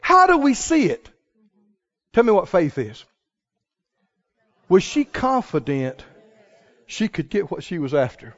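A man preaching a sermon who rises into shouts and calls out questions to the congregation. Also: high-pitched, wildly swooping pitch, takes it slowly, pauses often, lo-fi sound.

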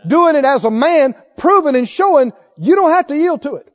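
A man preaching a sermon, emphatic, swinging from loud exhortation to hushed intensity. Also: extremely high pitch, lively intonation, normal speed. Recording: dull lo-fi sermon recording.

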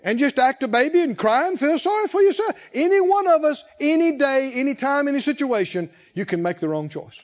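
High-voiced man preaching with fervor. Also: very animated, brisk, few pauses, highs cut off. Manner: emphatic preaching, repeating key phrases with rising intensity. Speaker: pastor. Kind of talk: sermon.

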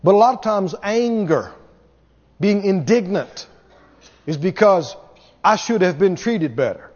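A man's voice: high-pitched, animated, a little slow, long pauses, darkish tone. A man pastor preaching a sermon, emphatic and repetitive, throwing rhetorical questions at the congregation. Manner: emphatic, repeats key words, asks rhetorical questions. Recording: dull recording with long hall reverb.

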